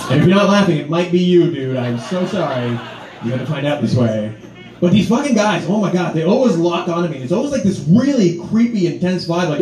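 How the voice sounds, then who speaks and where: Male stand-up comic, pitched high, crude and animated, recorded live with club room echo. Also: fairly quick. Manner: crude, animated, laughing punchlines. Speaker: stand-up comedian. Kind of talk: stand-up routine. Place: comedy club stage.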